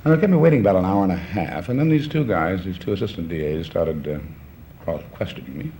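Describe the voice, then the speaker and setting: A New Orleans man in his fifties, appearing as a talk show guest, chats casually in a low, mellow voice that is animated and fast. He recounts events using quoted back-and-forth dialogue. The 1960s television audio has a faint background hiss.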